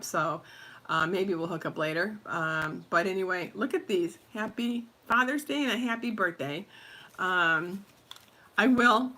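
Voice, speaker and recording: A middle-aged woman hosting a card-making livestream, chatting casually with her viewers and filling pauses with lots of ums. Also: mid-range voice, pushed and bright.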